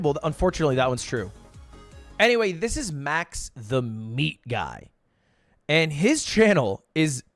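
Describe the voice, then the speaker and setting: An American streamer in his twenties talks casually to his chat. He is jokey and animated, and his voice sits high and swings all over. The close mic gives a dry sound with no room in it. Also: no room sound.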